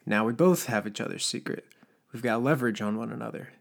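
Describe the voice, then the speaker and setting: A scarred, disgraced cook with a gravelly, creaky voice, as a male narrator puts him on. He talks in a sly, needling way, coaxing and pressuring. The pitch sits mid-range, like an ordinary man's. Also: fast talker, natural voice. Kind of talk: audiobook character voice.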